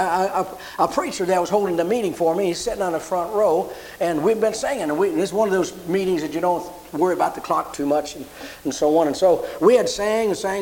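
High-voiced folksy preacher man. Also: darkish tone, poor audio. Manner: folksy, repeats and restarts phrases. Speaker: pastor. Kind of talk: sermon storytelling.

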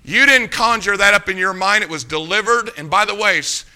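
A male preacher delivers a sermon in a high, very bright voice. He pleads and presses his points hard. His volume swings from loud to soft. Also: brisk.

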